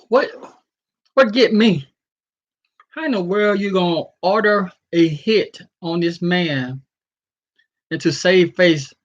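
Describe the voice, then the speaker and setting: A man in a casual vlog, ranting loosely and stumbling over a word now and then, with a voice a little high for a man. The audio is dull and lo-fi. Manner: animated, freestyling rant with stumbles over words. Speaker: vlogger. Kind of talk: casual commentary and article reading.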